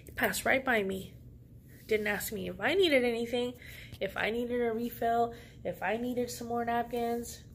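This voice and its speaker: A woman's voice: on the high side, measured pace, creaky, slight background noise. A woman vlogger telling a story in a casual way, sassy and full of slang. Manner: sassy, slangy, animated retelling.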